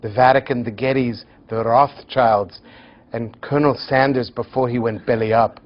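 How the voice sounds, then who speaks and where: A man voicing a loud, conspiratorial Scottish father in a kilt, ranting in a put-on Scottish accent. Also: mid-range voice, steady tone, moderate pace, dull audio, slight background noise, natural voice. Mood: scornful.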